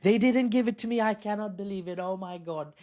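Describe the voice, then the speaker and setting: A man's voice: sits high, fairly quick, dark tone, voice pushed up, lightly acted. A man doing an impression of a boastful older male politician who brags and complains in a brash, self-pitying way. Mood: indignant bragging.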